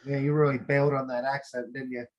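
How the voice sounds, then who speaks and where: A man's voice: mid-range voice, flat delivery, quick pace, muffled recording. A man co-hosting a podcast, chatting casually with short, dry teasing remarks. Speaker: podcast co-host. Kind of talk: casual chat.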